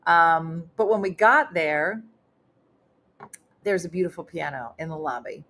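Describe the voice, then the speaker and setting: Speaking a little slowly in a lowish, somewhat bright voice, this middle-aged woman hosts a casual online chat show as a comedian. Her storytelling rambles along with plenty of fillers, typical of relaxed live-stream talk.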